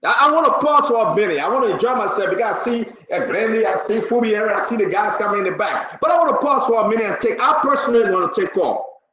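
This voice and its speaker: A man hosting a live talk show, reading out viewer names and growing loud and animated. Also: high voice, quick pace, reverberant, poor audio. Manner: animated, rising to loud exclamations. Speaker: livestream talk show host.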